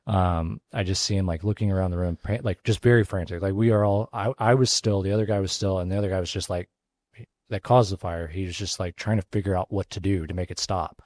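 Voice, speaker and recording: A Texas pitmaster who owns a barbecue restaurant tells a story as an interview guest, casual and halting, with lots of fillers and restarts. His voice sits low, with a steady, darkish tone, on a dry recording.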